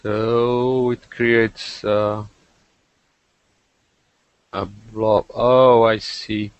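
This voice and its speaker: A man talks slowly and haltingly, his voice rough with gravel. He hosts a relaxed tech podcast, filling the gaps with "uh", recorded dry and close. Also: lowish voice, no room sound, dull audio. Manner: hesitant, many fillers and restarts. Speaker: podcast host. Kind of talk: casual tech chat.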